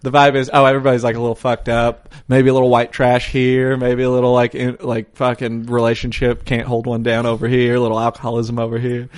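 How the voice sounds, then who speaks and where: A man's voice: medium pitch, completely flat delivery, fairly quick, hardly any pauses. A man co-hosting a podcast, telling rambling, profane stories in casual chat. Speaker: podcast co-host.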